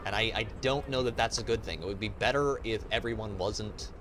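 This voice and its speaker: A man's voice: lowish voice, fairly quick. A man streaming a game, ranting and swearing in casual, profane commentary. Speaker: gaming streamer. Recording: noisy background.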